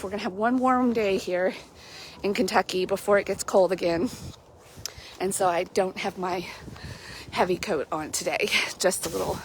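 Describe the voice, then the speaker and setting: A middle-aged woman, a Christian life coach, talking through a casual devotional livestream in a chatty, animated way with frequent laughs. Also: a little high, noisy background. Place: outdoors on a mild day.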